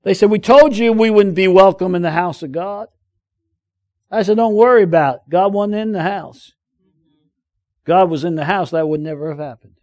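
A man's voice: high-pitched, moderate pace, pauses often. A man preaching a sermon, telling funny personal stories and calling out to the congregation. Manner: lively, joking, calls out to the audience. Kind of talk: sermon with humorous storytelling.

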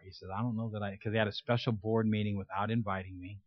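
A man's voice: on the low side, little pitch movement, quick pace, dry recording. An older man preaching a conversational sermon in a church, telling stories with folksy humor. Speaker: guest preacher. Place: church sanctuary. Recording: dull, lo-fi dry sound.

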